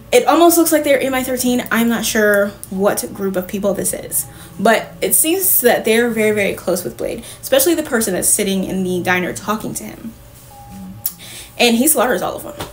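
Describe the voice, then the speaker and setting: A woman's voice: a little high, a little hiss or hum. A woman recapping comic books for viewers in a casual, chatty way, full of "like" fillers and offhand swearing, talking straight to her audience. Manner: addresses viewers directly. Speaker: comic book reviewer.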